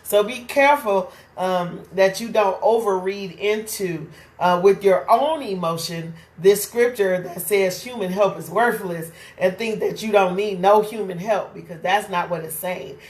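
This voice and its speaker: Woman teaching bible study, chatty, keeps saying right?, echoey room. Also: medium pitch. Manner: conversational, keeps asking "right?".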